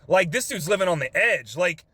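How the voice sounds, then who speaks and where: A man's voice: high voice, expressive, moderate pace, bright, forceful tone, breathy edge, no echo. A young man from Texas with a drawl, earnestly telling an emotional story in his car, swearing casually with lots of fillers. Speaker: vlogger. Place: parked car.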